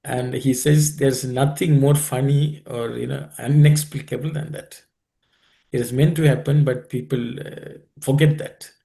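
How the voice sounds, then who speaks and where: Gravelly man leading a study group. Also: mid-range voice, steady tone, mellow. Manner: unhurried, thoughtful, with many pauses. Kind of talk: explaining scripture and telling stories.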